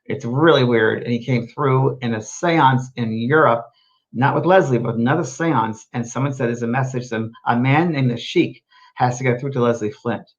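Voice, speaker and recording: A man hosting a live show as a medium, answering viewer questions in a gentle, rambling, reassuring way. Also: mid-range voice, normal speed, highs cut off. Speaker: host and medium.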